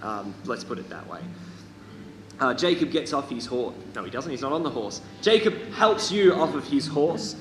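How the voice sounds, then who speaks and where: A man's voice: medium pitch, expressive, normal speed. A man narrating as game master of a live tabletop game, rambling and correcting himself with many fillers. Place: hall. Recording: echoey hall with background noise.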